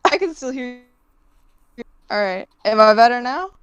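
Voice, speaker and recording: A woman's voice: a little high, animated, clean tone, highs cut off. A woman playing a tabletop game over an online voice call, teasing the others and firing off questions. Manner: teasing, quick questions, swears. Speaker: player. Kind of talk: casual game chat.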